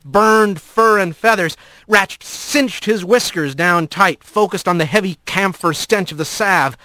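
Bright-voiced male storybook narrator. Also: high voice, no echo. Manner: vivid, varied reading.

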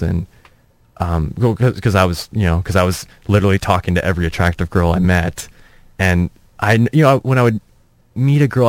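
A man's voice: deep voice, no room sound. A young man, a comedian, telling self-mocking stories in a rambling way that trips over its own words. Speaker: comedian, interview guest. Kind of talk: casual anecdotal storytelling.

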